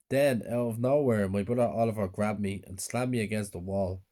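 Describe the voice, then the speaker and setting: Guy reading a bedtime horror story, mellow dark tone, subdued. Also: lowish voice, brisk, hardly any pauses. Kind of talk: scripted horror story narration.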